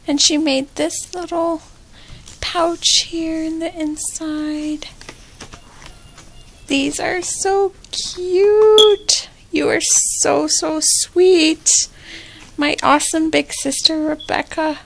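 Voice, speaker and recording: Young woman vlogger, high and slow, a little gravelly, gushing and teary. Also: little pitch movement, fairly bright tone. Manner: gushing, repeats "so cute" and "I love it". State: emotional, near tears. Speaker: vlogger opening a gift. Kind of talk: casual unboxing vlog.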